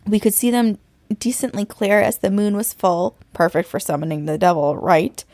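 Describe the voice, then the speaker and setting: A woman co-hosting a podcast, reading a listener's frightening story aloud with suspense and slowing down at the tense parts. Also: medium pitch, a little mellow, no echo. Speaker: podcast co-host.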